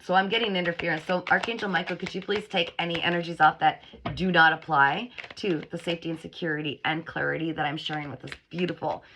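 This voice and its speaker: Bright-voiced woman giving a psychic reading. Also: low voice, fast talker, hardly any pauses, slight background noise. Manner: animated, chatty, acts out whiny voices. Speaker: psychic reader. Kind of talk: channeled spiritual reading to camera.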